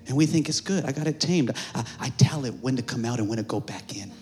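A male pastor preaching a sermon in a church, calling on the congregation to answer back and swinging between hushed asides and shouting. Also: medium pitch, a little fast, faint music behind.

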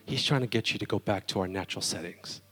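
A man preaching a sermon as pastor, animated and conversational, with humorous storytelling. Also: on the low side, fast talker.

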